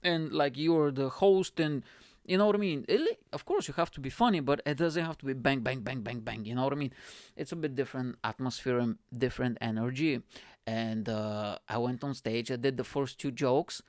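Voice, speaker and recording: Man telling animated stand-up stories. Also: medium pitch, normal speed, no echo, clean studio sound. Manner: animated, swearing, heavy with fillers. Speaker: stand-up comedian and podcast host. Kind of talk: casual storytelling monologue.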